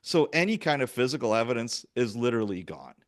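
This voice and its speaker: A man, a police officer, telling work stories in casual chat and acting out the dialogue in an animated way. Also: medium pitch, fast talker. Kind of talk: casual storytelling.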